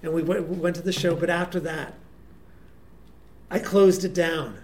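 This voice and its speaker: A man, a guest performer, telling casual anecdotes in an animated way with frequent restarts. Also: fairly high pitch, moderate pace, a little hiss or hum. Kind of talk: casual storytelling.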